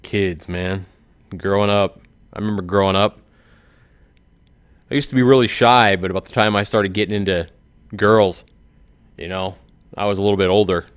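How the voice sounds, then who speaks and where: A man's voice: low voice, fairly even intonation, moderate pace, long pauses, clear, resonant tone, dry recording. A man in his forties, a YouTuber giving a rambling comedic monologue and laughing at his own jokes. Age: 40s.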